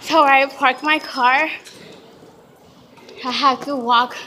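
A woman's voice: high voice, steady tone, slow pace, sharp tone. A woman vlogging to a handheld camera while walking uphill outdoors, chatty and out of breath. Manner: chatty, switches into Spanish with family. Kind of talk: casual vlog chat. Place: outdoors on a city street. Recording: noisy street background.

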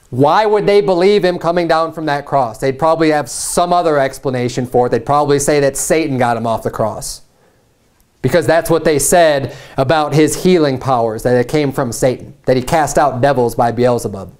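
A man's voice: on the high side, a little mellow. A man preaching a sermon as pastor, reading scripture aloud with earnest, rising emphasis.

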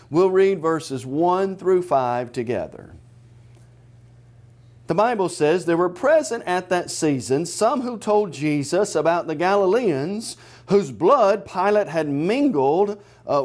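A man preaching a televised sermon, emphatic, rising loud and high then dropping low and quiet, slowing down to stress key phrases.

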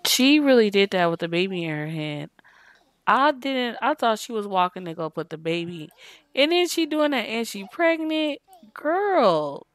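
A woman hosting her gaming channel, giving casual commentary in an exasperated, expressive, scolding way. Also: medium pitch, normal speed, no echo.

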